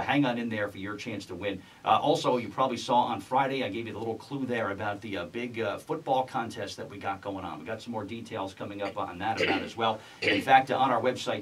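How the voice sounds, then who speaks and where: Fast-talking male radio host. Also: lowish voice, a bit bright, distant mic, slight background noise, low-quality recording. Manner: quick, chatty, frequent fillers. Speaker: radio talk show host. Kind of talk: casual radio interview. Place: radio studio.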